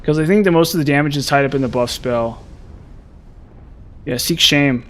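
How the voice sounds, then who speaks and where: A man's voice: fairly high pitch, fast. A young man streaming a video game, chatting with viewers in a frustrated, self-mocking way with sudden exasperated outbursts. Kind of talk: live gameplay commentary chatting with viewers.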